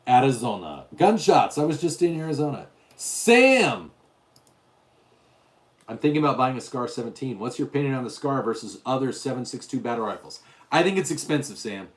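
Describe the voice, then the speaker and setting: A middle-aged man chats casually on a livestream from home. He reads out viewer names and answers them one by one. His voice sits at an ordinary middle pitch. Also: very animated, moderate pace. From Utah, US. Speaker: livestream host.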